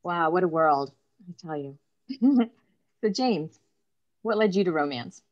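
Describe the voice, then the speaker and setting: A woman moderating a panel, handing out questions with quick encouraging interjections. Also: lowish voice, animated, darkish tone, muffled recording. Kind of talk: moderating a panel on a video call.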